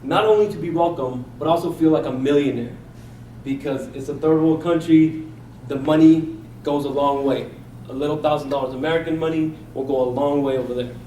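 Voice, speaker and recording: A man from India gives a contest speech built on a personal story, acting out the people in it with quoted lines. His voice is a little high, brisk and warm. He's recorded from a distance in an echoey room, with slight background noise and faint ambience.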